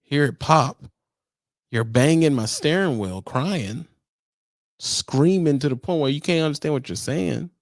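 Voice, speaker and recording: Gravelly trucker dude ranting like a preacher, dry close sound, all slang and exasperation. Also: male voice, on the high side, lively intonation, a little slow, no room sound. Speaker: truck driver trainer. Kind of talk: casual vlog rant.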